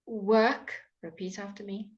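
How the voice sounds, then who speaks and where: English woman, pronunciation tutor, unhurried delivery, muffled lo-fi stream audio. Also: medium pitch, fairly even intonation. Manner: slow, patient, drawing out example words for repetition. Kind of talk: live online language lesson.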